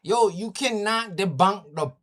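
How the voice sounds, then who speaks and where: A high-pitched, slightly bright voice belongs to an Indigenous North American livestreamer who talks a little slowly. Using a streaming mic at home, he trash-talks on a casual stream with brash profanity and frequent laughter.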